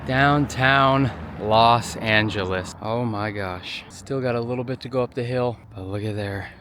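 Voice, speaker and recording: Twenty-something guy from colorado doing a travel vlog, excited and chatty, a bit winded on the hike, faint background noise. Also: medium pitch, measured pace. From Colorado, USA. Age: 20s. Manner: chatty, easily amazed, exclaims at views. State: out of breath while hiking uphill. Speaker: vlogger. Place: outdoors and in a car, on a hillside trail.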